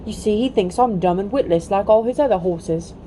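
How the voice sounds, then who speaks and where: A woman's voice: mid-range voice, brisk, warm tone, slight background noise, lightly acted, low-quality recording. A woman voicing a proud, scornful male talking war horse in a storybook read-aloud, with bossy, clipped speech. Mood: calm, knowing.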